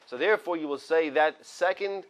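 Man teaching a relaxed morning halacha class. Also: on the high side, normal speed. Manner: reads Hebrew text then translates, conversational asides. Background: small study group in the room.

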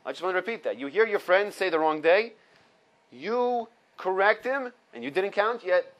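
Speaking at a moderate pace in a high-sitting voice, a Torah teacher runs an informal halacha class. He reads the Hebrew sources and explains them in English one step at a time, going back over key points, and the audio is lo-fi.

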